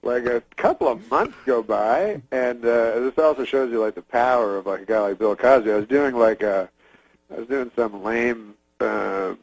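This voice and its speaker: Canadian guy rambling thru a story deadpan, lots of uhs, dry close mic. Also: mid-range voice, moderate pace, vocal fry, no room sound, poor audio. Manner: rambling, deadpan, full of fillers and restarts. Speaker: comedian guest. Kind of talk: talk-show anecdote.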